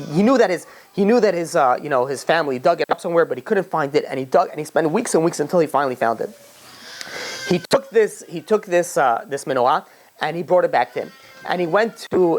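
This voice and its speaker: A man, a rabbi, giving a casual storytelling sermon. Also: a little high. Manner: casual, many fillers and restarts.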